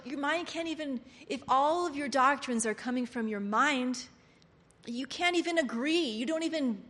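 A woman preaching a sermon, switching from hushed, confiding lines to loud, excited outbursts. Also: fairly high pitch. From Pennsylvania. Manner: animated, swinging from hushed to loud exclamations. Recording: long hall reverb.

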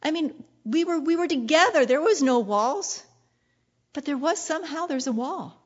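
Woman preacher, fairly high-voiced, lively sermon delivery, muffled lo-fi sound. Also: normal speed. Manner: playful and animated, often laughing and acting out quoted lines.

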